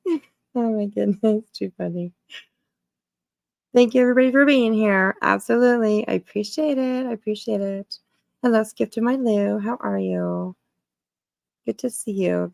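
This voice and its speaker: Gravelly lady livestream host, casual chat, lots of ums, dry close sound. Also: a little high, moderate pace, darkish tone, no room sound. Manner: greets chat viewers, many fillers and repeats.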